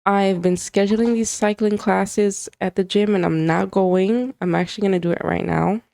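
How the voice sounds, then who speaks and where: A woman's voice: medium pitch, fairly even intonation, normal speed, vocal fry, dark tone, no echo. A young adult woman hosting a podcast, talking in a candid, confiding monologue to other mothers and sometimes getting emotional. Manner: confiding, emotional, talks straight to moms. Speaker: podcast host.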